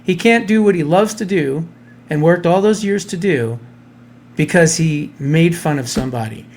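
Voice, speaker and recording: A man's voice: a little high, normal speed, a little mellow. A man co-hosting a podcast, telling a story in a scornful, indignant tone. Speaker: podcast co-host. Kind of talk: casual opinionated chat.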